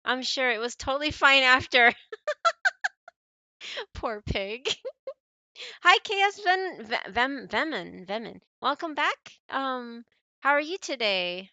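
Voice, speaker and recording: A woman from the United States streams in a dry recording, her high, bright voice carrying a forceful tone. Chatting casually with her chat, she laughs a lot, apologizes, and rambles with many fillers.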